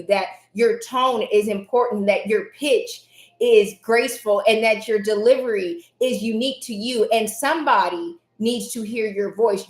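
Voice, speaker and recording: Earnest woman doing a motivational livestream, kinda raspy sometimes, roomy echo. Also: mid-range voice. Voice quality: says her voice can be raspy at times. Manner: earnest, repetitive, emphatic affirmations. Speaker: host of a live self-help stream. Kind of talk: motivational live-stream talk.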